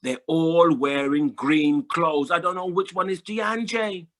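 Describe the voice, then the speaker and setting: A man's voice: a little high, steady tone, unhurried, a bit bright. A man voicing a skinny, sneaky stranger who demands answers and grows exasperated.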